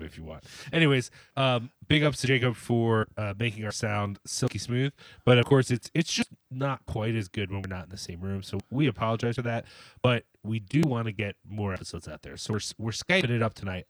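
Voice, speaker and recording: Dry-sounding podcast co-host, rambling and joking. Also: male voice, on the low side, dry recording. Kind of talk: casual podcast chat. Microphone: desk mic on a stand. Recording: remote call recording.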